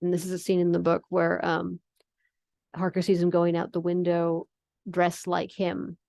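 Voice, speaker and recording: A woman giving a lecture on vampire literature, explaining in a relaxed way with frequent ums. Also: fairly low pitch, moderate pace, vocal fry, no room sound, clean studio sound. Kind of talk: lecture with readings from a novel.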